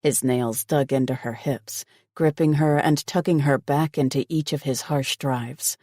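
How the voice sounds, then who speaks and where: A male narrator reads a romance audiobook in a slow, steady voice. His pitch sits mid-range. The recording is dry and close with no room sound. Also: dry recording. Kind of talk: scripted narration.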